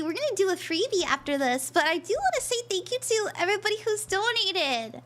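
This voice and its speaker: A woman's voice: very high-pitched, animated, normal speed, few pauses. A woman hosting a live stream, chatting in a bubbly way and thanking viewers by name as a tarot reader. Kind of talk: casual live-stream chat.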